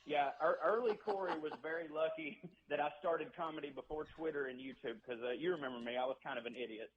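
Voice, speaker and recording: A man's voice: fairly high pitch, quick pace. A man with a Southern US accent, a stand-up comedian telling self-deprecating stories as a guest over the phone. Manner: joking, self-deprecating storyteller. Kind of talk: casual phone interview. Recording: muffled phone line.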